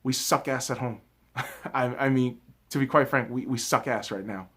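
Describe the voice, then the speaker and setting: A young man hosting his own hockey review, ranting with lots of swearing and swinging between shouted outbursts and low muttering. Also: moderate pace, slight background noise. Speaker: sports video host. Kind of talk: angry solo hockey game review.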